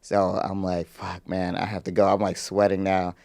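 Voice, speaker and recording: A man's voice: sits low, monotone, moderate pace, gravelly, darkish tone. Laughing man telling a story. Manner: storytelling, laughs often, acts out voices. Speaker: podcast co-host. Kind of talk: casual chat.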